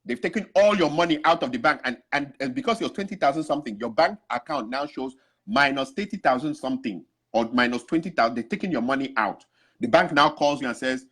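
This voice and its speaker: A man's voice: mid-range voice, animated, fast, slightly rough. A man giving an impassioned, preachy talk to other men, urging them to change and acting out other people's words along the way. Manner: preachy, urgent, mimics others mid-story. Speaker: speaker addressing African men. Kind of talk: impassioned exhortation with acted-out quotes.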